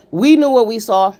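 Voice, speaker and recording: A woman's voice: fairly high pitch, mellow. A woman hosting a live stream, giving blunt, emphatic and profane commentary while greeting her viewers. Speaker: livestream commentator.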